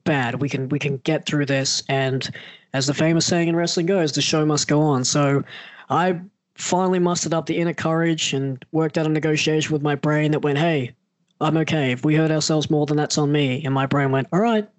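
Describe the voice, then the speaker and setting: A man's voice: fairly high pitch, moderate pace, dry recording. A man, a wrestler, telling a story in casual talk and acting out the voices he quotes. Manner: animated, acts out quoted voices.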